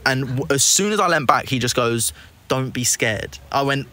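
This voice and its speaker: Man, quick-paced, mid-pitched, animated storyteller, swears casually. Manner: animated, swears freely, acts out quotes. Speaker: guest, hypnotist.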